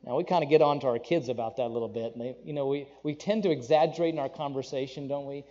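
A man preaching a conversational sermon, animated, with asides to the congregation and playful acted-out quotes. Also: medium pitch, fast talker, dull audio. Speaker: pastor.

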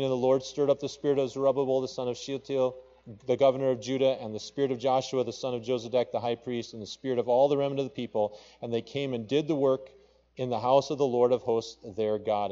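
A man's voice: mid-range voice, dark tone, muffled recording. A male pastor with a Papua New Guinean accent preaching a sermon and reading scripture aloud with rising emphasis. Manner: preaching with rising emphasis, quoting scripture in King James wording.

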